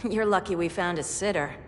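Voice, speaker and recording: An actress gives a teasing heroine a lowish voice and an easygoing manner. The voice rings with a long reverb over clear ambient noise. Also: female voice, measured pace, lightly acted. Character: warm, teasing heroine and wife. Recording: echoey space with clear ambience.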